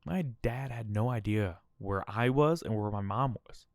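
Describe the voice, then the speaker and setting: Low-voiced man telling a personal story. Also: moderate pace, dry recording, studio quality. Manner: candid, emotional, often adds "all right?". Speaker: podcast host.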